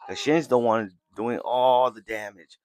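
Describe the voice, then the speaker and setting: A man's voice: mid-range voice, fairly even intonation, measured pace, a little mellow, dry recording. A man hosting a podcast, casually retelling an anime episode scene by scene and briefly acting out the characters' lines. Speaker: podcast host.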